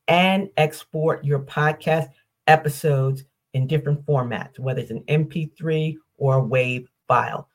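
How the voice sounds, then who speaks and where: Upbeat older woman hosting a podcast. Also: sits low. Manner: upbeat, explanatory, rhetorical questions and lists. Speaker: podcast host. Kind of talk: solo podcast teaching.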